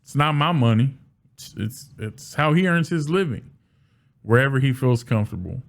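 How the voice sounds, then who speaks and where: A man giving casual solo commentary as a sports fan, animated, often restarting and repeating words. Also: mid-range voice, moderate pace, gravelly.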